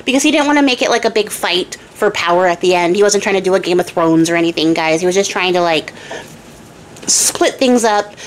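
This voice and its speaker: A woman's voice: lowish voice, brisk, poor audio. Young woman telling a fairy tale super casually, jokes and ums everywhere, faint hum behind. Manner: chatty, jokey asides, frequent fillers. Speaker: storyteller and craft channel host.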